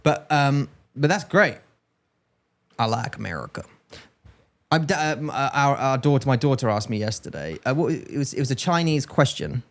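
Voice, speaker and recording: A British man co-hosting a relaxed podcast conversation. He rambles, trips over his words, restarts and jokes along the way. His pitch sits mid-range for a man. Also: normal speed. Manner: rambling, self-correcting, jokey. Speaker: podcast co-host. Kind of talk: casual chat.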